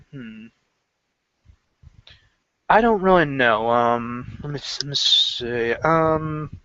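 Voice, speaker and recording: A man's voice: mid-range voice, pushed and bright, clean tone, dry recording. A man talks through his wrestling picks in a loose, rambling way, with lots of "um"s, "like"s and restarts. His voice sits in an ordinary middle register, and the recording is dull and lo-fi. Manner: rambling, filler-heavy, self-correcting. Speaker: wrestling pundit. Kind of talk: casual prediction vlog.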